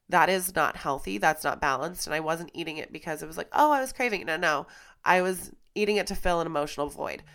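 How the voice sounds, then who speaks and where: A woman's voice: fairly low pitch, fairly bright tone, smooth. A young woman, a fitness instructor hosting a podcast, talking candidly into a microphone in a stuffy, congested voice, raw and emotional, with casual swearing. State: stuffy and congested from crying and flu. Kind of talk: candid personal monologue. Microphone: studio microphone.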